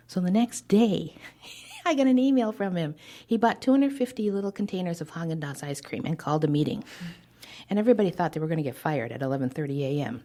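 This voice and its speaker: A woman on a podcast as an intuitive advisor, telling stories with animated acted-out dialogue. Her voice sits on the low side. Now and then she drops to a hushed whisper for emphasis. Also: moderate pace, long pauses. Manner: animated storyteller who acts out quoted dialogue. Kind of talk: podcast interview storytelling.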